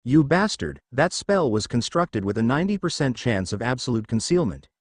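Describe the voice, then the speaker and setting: A man voicing flustered soldiers who report to their commander in a hurried, nervous way. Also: mid-range voice, very animated, no echo.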